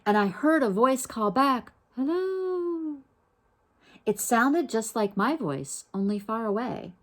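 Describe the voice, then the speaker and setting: A woman reading a children's picture book aloud in a gentle, unhurried way, pausing to ask her listeners questions. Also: fairly high pitch, expressive. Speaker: storybook reader.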